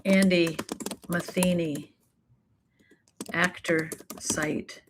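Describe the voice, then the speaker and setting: A woman's voice: on the low side, fairly even intonation, background noise. A woman acting coach and talent manager, emphatic and encouraging, answering chat questions in a live online class. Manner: emphatic, encouraging, stacks quick lists.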